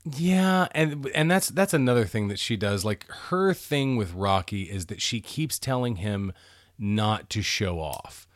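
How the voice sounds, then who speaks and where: Low-voiced man riffing on a movie. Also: animated, unhurried, dry recording, clean studio sound. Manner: chatty and analytical, laughs easily. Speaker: podcast co-host. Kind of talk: casual movie commentary chat.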